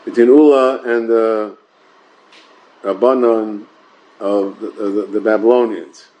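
A man's voice: lowish voice, fairly even intonation, takes it slowly, mellow, poor audio. A man giving a Talmud study class in casual English, mixing in Hebrew and Yiddish terms, often repeating words and checking in with "yeah?" and "right?". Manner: asks rhetorical check-ins like "yeah?" and "right?". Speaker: Torah study teacher.

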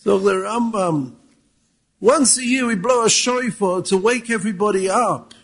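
A man speaks a little slowly in a high, somewhat bright and husky voice, giving a Torah talk in a Yeshivish accent woven with Yiddish and Hebrew terms. He asks rhetorical questions, cites Hebrew sources and now and then raises his voice for emphasis.

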